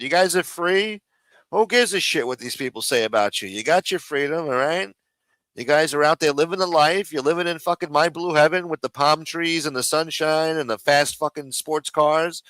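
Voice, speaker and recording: A man's voice: fairly high pitch, fairly bright tone, dry recording, rough recording. A man hosting a live stream, ranting and mocking in casual, profanity-heavy talk. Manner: profane, mocking, rambling rant.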